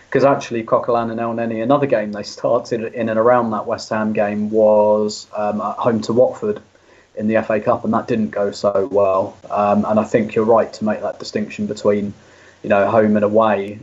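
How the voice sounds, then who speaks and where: Husky, flat-voiced man on a dull line. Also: on the low side. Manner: measured, analytical, hedging with fillers. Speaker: podcast guest. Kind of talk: casual chat.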